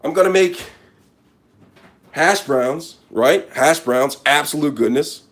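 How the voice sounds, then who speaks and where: A man's voice: a little high, takes it slowly, pauses often, a bit bright. A man hosting a parody cooking video in his kitchen, boasting and talking straight to viewers with repeated catchphrases. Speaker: comedic cooking vlogger. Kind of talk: deadpan parody cooking show. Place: home kitchen.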